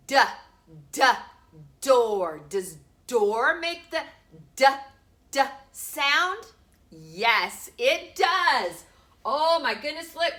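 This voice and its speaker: A middle-aged woman teaching a home preschool lesson, slowly sounding out letters for small children. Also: fairly high pitch, a bit bright.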